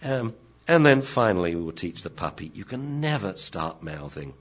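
A man explaining puppy training in an instructional talk, lively and acting out what he says to the dogs. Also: deep voice, normal speed. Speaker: dog trainer. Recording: dull lo-fi recording.

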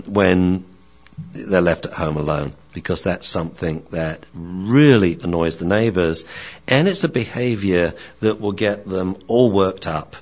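Low-voiced man, chatty dog trainer. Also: dull audio. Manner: chatty, joking, many fillers and restarts. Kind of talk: casual talk.

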